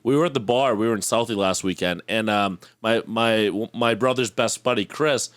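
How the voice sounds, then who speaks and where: A man's voice: on the low side, fairly bright tone, clean tone, dry recording. A young man co-hosting a podcast, telling stories in a loose, laughing, casual way. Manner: fast, loose, laughing storyteller. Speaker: podcast co-host. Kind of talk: casual chat.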